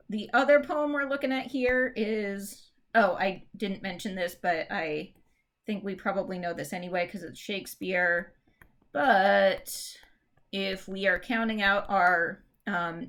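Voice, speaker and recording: A woman teacher talks through a recorded lesson on poetic meter at an unhurried, measured pace. She explains patiently with the odd filler. When she reads verse aloud, she draws out the stressed beats. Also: medium pitch, fairly bright tone. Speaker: English teacher.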